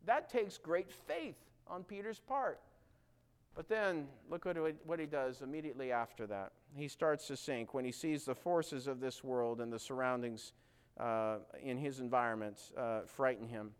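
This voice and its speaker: A man's voice: medium pitch, normal speed, clean tone. A man preaching a sermon, earnest and direct, asking his listeners questions and acting out quoted lines with growing force.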